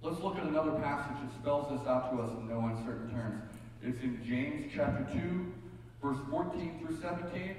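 In a church sanctuary, a pastor tells stories during his sermon in a folksy way, adding joking asides. His voice is a little high and a little mellow at a normal speed, recorded from far off with a big echo from the hall and a faint room hum.

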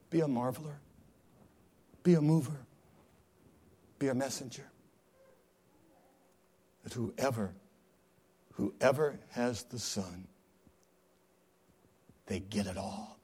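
A male pastor telling a story in a sermon, dramatic, swinging from hushed tones to loud cries. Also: mid-range voice, lively intonation, slow pace, pauses often, husky.

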